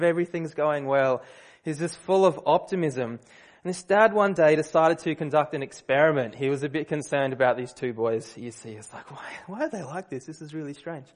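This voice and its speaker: A man preaching a sermon, telling a story in a relaxed, conversational way with fillers and restarts. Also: fairly high pitch.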